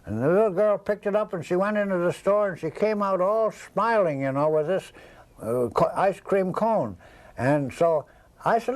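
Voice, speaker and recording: A man's voice: high voice, animated, normal speed, poor audio. An older man telling a long, rambling anecdote in an interview, acting out the other people's voices. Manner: rambling, acts out the voices of people in his stories. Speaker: interviewee, storyteller. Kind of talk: casual anecdotal storytelling.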